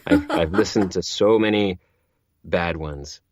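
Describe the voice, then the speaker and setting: A man's voice: sits low, a little slow, dry recording, studio quality. A man who narrates audiobooks, chatting as an interview guest, rambling with many restarts and repeated words. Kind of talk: casual interview chat.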